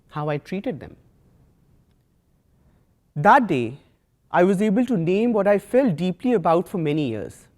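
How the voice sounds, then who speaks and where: Young man, South Asian accent, prepared talk, earnest, measured pauses, lively intonation. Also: a little high. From Pakistan. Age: young adult. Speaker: student speaker.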